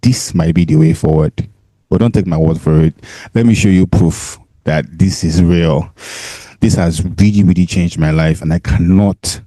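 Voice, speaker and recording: Low, mellow Nigerian man pitching to camera. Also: moderate pace, dry recording. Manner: chatty, laughs often, repeats himself for emphasis. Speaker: host. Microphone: handheld mic.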